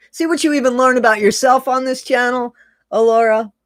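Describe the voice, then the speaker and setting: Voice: medium pitch, steady tone, moderate pace, no echo, studio quality. Chatty livestream host. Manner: chatty, rambling, laughs often, repeats phrases. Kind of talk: casual livestream chat reading viewer comments.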